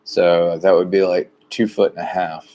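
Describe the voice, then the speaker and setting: A man from the rural United States, talking in a rambling, plain, deliberately low-key monologue outdoors by a shed. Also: little pitch movement, mellow, a little hiss or hum. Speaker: vlogger.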